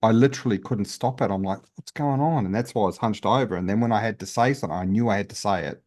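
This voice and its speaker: A man's voice: lowish voice, rapid-fire, a little mellow. A man, a guest healer, telling his story in a casual interview in an earnest, open way with many restarts.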